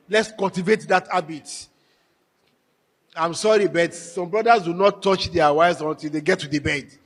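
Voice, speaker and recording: A man giving a marriage workshop talk to a live audience, telling stories with animated, emphatic repetition. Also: on the high side, breathy edge. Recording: echoey hall with long reverb.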